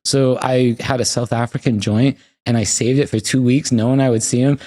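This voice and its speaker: Here a US man appears as a guest on a podcast, swearing freely as he tells casual stories and acts out what people said with lively energy. His voice is mid-range and his pace is moderate.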